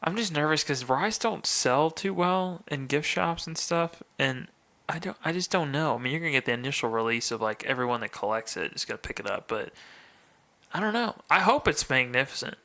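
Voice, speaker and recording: A man's voice: fairly high pitch, lively intonation, a little fast, sharp tone. A man co-hosting a bourbon podcast, chatting casually and enthusiastically. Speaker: podcast co-host. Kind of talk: casual chat.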